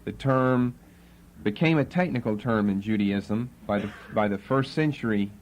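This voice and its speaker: Lower-voiced man teaching a Bible lesson. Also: normal speed, highs cut off, a little hiss or hum. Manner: conversational with playful asides. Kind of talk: evening Bible lesson to a live audience.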